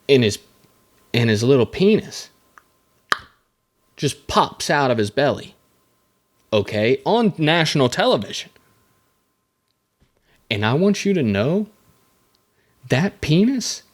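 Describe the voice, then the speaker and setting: A man hosting a casual solo podcast, rambling through the topic with jokey asides and self-mocking comments. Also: mid-range voice. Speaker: podcast host.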